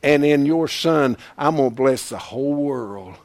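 A man voicing God in a Bible retelling, low, stern and teasing. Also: animated, measured pace, darkish tone.

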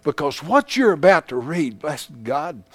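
A man teaching a Bible class in a folksy, plain-spoken way, swinging from hushed asides to loud emphasis. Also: on the high side, sing-song, a little slow, no room sound.

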